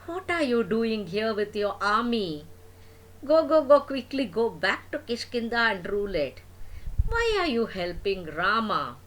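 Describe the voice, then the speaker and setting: A woman's voice: fairly high pitch, very animated, a little slow. An older woman voicing a frightened male demon messenger who wails and begs not to be harmed. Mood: urgent. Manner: wailing, sobbing pleas.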